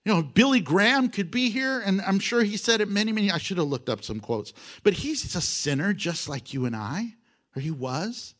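Lively high-voiced male preacher. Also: moderate pace. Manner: animated preaching with laughs and acted quotes. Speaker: pastor. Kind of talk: sermon.

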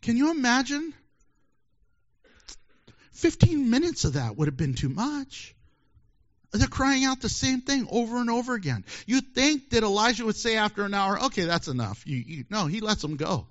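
A man preaching a sermon in a joking, animated way, acting out little voices and laughing often. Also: sits high, normal speed. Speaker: pastor. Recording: dull lo-fi sermon recording.

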